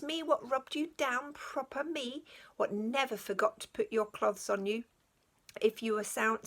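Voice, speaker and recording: A woman's voice: medium pitch, breathy edge. A woman voicing a plain-spoken working-class cab driver with homely, colloquial speech.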